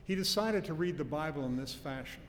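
Preaching man with a slightly high voice in a reverberant hall. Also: expressive, brisk. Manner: earnest teaching with emphatic stresses and homely anecdotes. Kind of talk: expository sermon. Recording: long hall reverb with faint low rumble.

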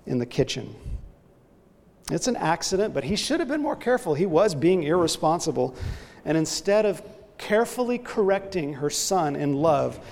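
A man's voice: on the high side, a little mellow, in a large hall. A man preaching a sermon, earnestly illustrating his point with a story.

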